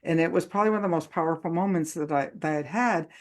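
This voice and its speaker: A woman's voice: deep voice, fast. A woman hosting a casual live online chat, talking loosely with many fillers and frequent laughs. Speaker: host.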